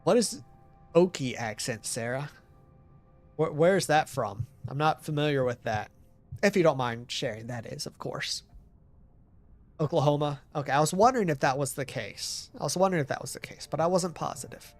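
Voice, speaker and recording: A young American man talks casually while playing a game, answering his viewers. His voice sits a bit high. He rambles and laughs easily as he chats. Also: lively intonation, normal speed, faint music behind. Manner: chatty and rambling, laughing often. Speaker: game streamer.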